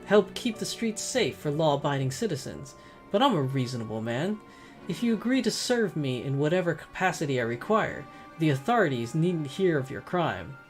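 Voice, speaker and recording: A woman's voice: low-pitched, big pitch swings, normal speed, faint music behind. A woman voicing an arrogant male merchant who blusters and threatens. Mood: threatening.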